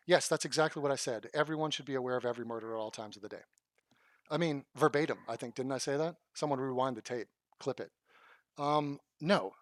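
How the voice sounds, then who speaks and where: A man's voice: mid-range voice, no room sound, clean studio sound. A man reacting to video clips with blunt, profane, sarcastic commentary. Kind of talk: combative commentary.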